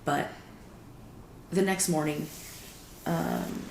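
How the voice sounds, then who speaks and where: Podcast guest, woman, very deep voice, animated storyteller; echoey room with faint noise. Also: extremely slow, vocal fry. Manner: animated, acts out quoted dialogue. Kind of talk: personal storytelling in conversation. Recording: roomy echo with faint background noise.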